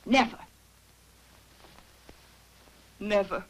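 An actress in a dubbed film playing a high-strung young woman who defies a man and rises to cries. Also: sing-song, moderate pace, fairly bright tone, low-quality recording. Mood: defiant. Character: defiant young woman, fragile yet fierce. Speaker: professor's daughter.

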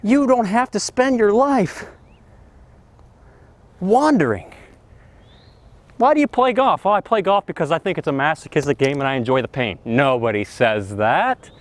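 Excitable man teaching golf. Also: on the high side, normal speed, pauses often. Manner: enthusiastic, excitable, exclaims and hoots. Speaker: golf instructor. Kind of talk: energetic golf lesson on the range. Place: outdoor golf practice range.

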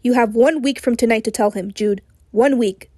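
A stern middle-aged doctor confronts his patient in cold, clipped, hoarse anger, voiced by a woman reader. Her tone is dark and a little high, recorded dry and close. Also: moderate pace, dry recording, lightly acted. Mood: furious.

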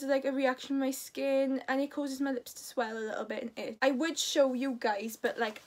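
A Welsh woman in her late teens chatting casually to camera as a vlogger, dropping "like" into her sentences often. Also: high-pitched. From Wales. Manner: chatty, says "like" a lot.

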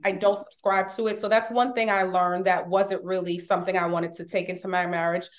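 A woman's voice: on the low side, flat delivery, fairly quick. Heartfelt woman guest, earnest storytelling. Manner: heartfelt, emphatic, gets emotional. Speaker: podcast guest. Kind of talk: candid personal storytelling.

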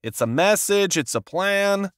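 A man voicing a gruff, sardonic middle-aged literary agent who talks in a brusque, clipped, sarcastic way, read as an audiobook character. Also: sits high, expressive, a little slow, fairly bright tone, dry recording, studio quality, pitched above the performer's own voice.

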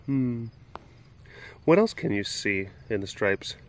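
A man's voice: fairly low pitch, animated, takes it slowly. A man hosting a vlog, chatting casually and playfully in a rambling way about animal care. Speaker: sanctuary keeper and vlog host.

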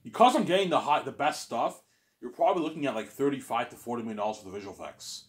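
A man's voice: mid-range voice, animated, quick pace. A man rambling through a solo monologue, listing things and saying "obviously" again and again. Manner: repeats "obviously", lists things, plays both sides of a talk. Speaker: vlogger. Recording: echoey room.

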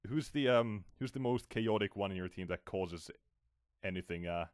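A man interviewing an esports player in a relaxed, joking way. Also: fairly low pitch, moderate pace, no room sound, clean studio sound. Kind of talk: casual chat.

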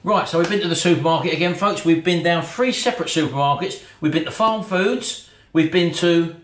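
A man's voice: on the high side, brisk, faint music behind. A man hosting a casual food review, chatting to viewers he calls folks. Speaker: channel host. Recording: echoey room, faint noise.

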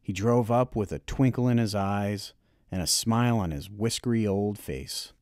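A man narrating a novel chapter for an audiobook, reading in a measured, expressive storytelling way. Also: on the low side, no room sound, clean studio sound.

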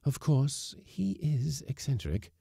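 A woman's voice: a bass voice, very animated, slow pace, vocal fry, mellow, husky, no echo, studio quality, voice pushed up, exaggerated voice. A man voicing a flustered Victorian wife who fusses anxiously over her husband. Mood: fretful. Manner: anxious, fussing.

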